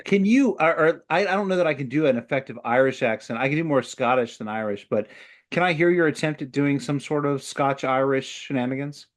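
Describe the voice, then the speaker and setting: A male podcast co-host chatting casually, laid-back and quick to laugh. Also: medium pitch. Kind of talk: casual chat.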